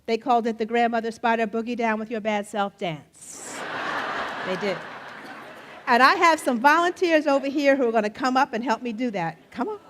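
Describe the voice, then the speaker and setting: Animated woman storyteller before a live crowd. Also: a little high, normal speed, noisy background. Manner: playful, animated, talks to audience. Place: outdoor festival tent. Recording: faint audience crowd behind. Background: faint crowd of listeners.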